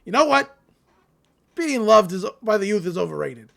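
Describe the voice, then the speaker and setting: A grumpy old cartoon great-uncle, gruff and boastful, as a woman puts him on while retelling a show. He talks loud, in a middling register. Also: mid-range voice, sing-song, moderate pace. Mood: grumbling.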